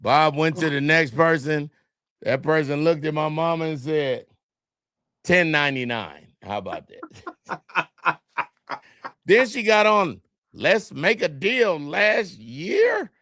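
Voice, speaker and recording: Bright-voiced storytelling man. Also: on the high side, takes it slowly, dry recording, clean studio sound. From California. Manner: animated storyteller, acts out quotes. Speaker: podcast co-host. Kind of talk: casual storytelling chat.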